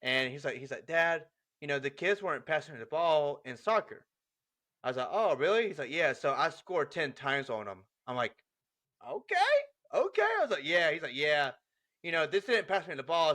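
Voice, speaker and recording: A young adult man co-hosting a podcast, casually telling funny stories about his son, acting out the dialogue and laughing often. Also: fairly high pitch. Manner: animated, laughing, acts out dialogue. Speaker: podcast co-host. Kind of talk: casual storytelling chat.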